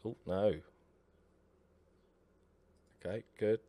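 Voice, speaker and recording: A man's voice: lowish voice, extremely slow, dark tone. A man giving casual live commentary over a football management game, chatting away and cheering on his players aloud.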